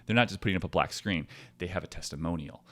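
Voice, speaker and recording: A man hosting a podcast, ranting with sarcastic, profane commentary that swings from low mutters to loud outbursts. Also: quick pace. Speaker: podcast host.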